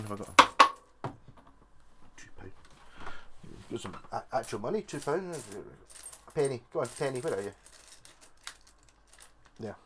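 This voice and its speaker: A man's voice: mid-range voice, a little hiss or hum. A man thinking aloud in chatty, self-mocking commentary while he works on a guitar. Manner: chatty and self-mocking, talks while working with his hands. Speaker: guitar tinkerer, video maker.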